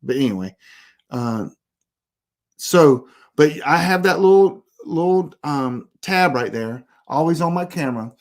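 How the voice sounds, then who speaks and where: A man's voice: a little high, expressive, measured pace. A man giving a casual instructional talk on online privacy, emphatic and rambling, often repeating his warnings. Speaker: presenter giving a privacy tutorial.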